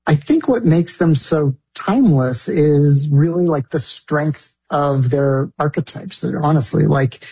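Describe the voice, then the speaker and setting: A film director answering interview questions in a casual, enthusiastic way. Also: male voice, fairly high pitch, takes it slowly, hardly any pauses, warm tone, breathy edge, muffled recording.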